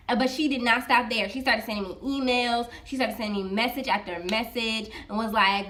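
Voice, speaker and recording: A woman's voice: fairly high pitch, a little fast, few pauses. Woman animatedly retelling a client story. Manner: animated, retells dialogue with many "I was like" asides. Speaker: freelance social media manager.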